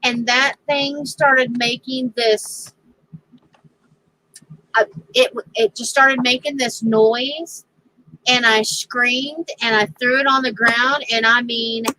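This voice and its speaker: Slow-talking bright-voiced woman. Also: on the high side, fairly even intonation, poor audio. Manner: storytelling with frequent laughter. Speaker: crafting channel host. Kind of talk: casual chat.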